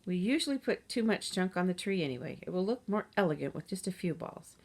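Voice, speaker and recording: A woman's voice: on the low side, lively intonation, quick pace. Bossy teen girl, curt and dismissive, read aloud in a storybook by a woman reader. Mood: scornful. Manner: curt, scornful.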